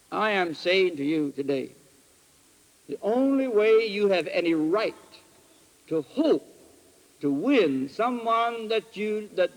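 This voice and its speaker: A man preaching at a retreat, telling folksy stories with animated swings between loud exclamations and quiet asides. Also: on the high side, vocal fry. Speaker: retreat speaker. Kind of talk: folksy sermon with storytelling. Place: retreat hall. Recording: archival 1968 recording in a hall with long reverb.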